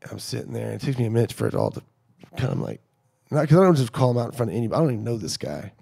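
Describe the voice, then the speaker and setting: Middle-aged man, gravelly and mellow, casual podcast storyteller who acts out the dialogue. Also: mid-range voice, rapid-fire. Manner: animated storyteller acting out quoted dialogue.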